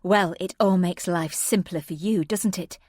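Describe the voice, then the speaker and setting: A woman voicing a nervous young woman who speaks in a hushed, urgent whisper with a soft lilt. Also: on the low side, a little slow, no echo, clean studio sound. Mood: anxious. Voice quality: soft lilting accent.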